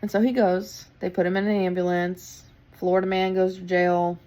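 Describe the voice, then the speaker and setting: A woman's voice: lowish voice, little pitch movement, moderate pace, dark tone. A young woman who works at a hotel, telling a story in a blunt, casual way with plenty of swearing and a tired, wry tone. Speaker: hotel worker.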